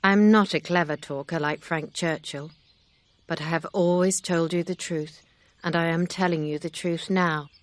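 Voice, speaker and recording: A woman reading the part of a kind, sincere older gentleman in an audiobook. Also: fairly low pitch, fairly even intonation, normal speed, dry recording, close to an everyday voice. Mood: earnest.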